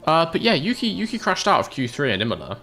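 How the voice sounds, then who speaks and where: A man's voice: a little high, wildly swooping pitch, quick pace, sharp tone. A British man streaming a game, chatting casually with viewers, laughing often. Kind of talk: casual livestream chat.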